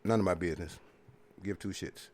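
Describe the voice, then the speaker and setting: This podcast host has a low, somewhat mellow voice and talks fairly quickly. His monologue is rambling, casual, preachy, and profane, crowded with the same filler phrases over and over.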